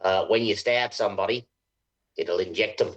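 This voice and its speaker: A charming village blacksmith with an Australian accent, put on by a man running the game. His voice sits low, and his replies come out dry and deadpan, teasing the customer with plain literal answers. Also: moderate pace, lo-fi sound, natural voice. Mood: explaining.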